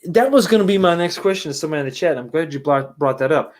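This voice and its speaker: A man's voice: fairly high pitch, expressive, quick pace. A man giving a casual livestream movie review and answering chat, rambling and exasperated, blunt and profane, with many restarts and rhetorical questions.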